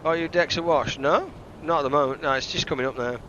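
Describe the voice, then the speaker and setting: A man from the UK giving chatty, excitable live commentary while streaming a game and greeting viewers. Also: a little high, fast. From United Kingdom. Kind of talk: casual live gameplay commentary. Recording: slightly dull stream mic with faint hiss.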